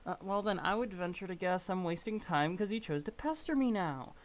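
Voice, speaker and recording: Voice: mid-range voice, brisk, voice pushed up, close to an everyday voice. A streamer voicing an easygoing, mildly sarcastic teenage boy while reading a webcomic aloud on stream. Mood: wry.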